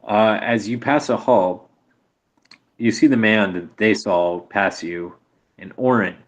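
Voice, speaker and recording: A man narrating as game master of a tabletop game, halting with many fillers. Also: lowish voice.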